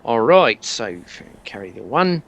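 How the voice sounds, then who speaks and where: A man's voice: mid-range voice, big pitch swings, a little slow, fairly bright tone. A man voicing a chummy male security-shop owner in a put-on British accent, stumbling over his words and calling everyone mate. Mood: chummy salesman.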